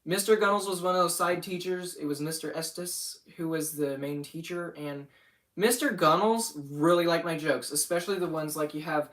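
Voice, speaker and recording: A man's voice: fairly high pitch, normal speed, a bit bright, recorded from a distance. A young man rambling casually about his animation channel on a livestream, often getting sidetracked. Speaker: channel owner.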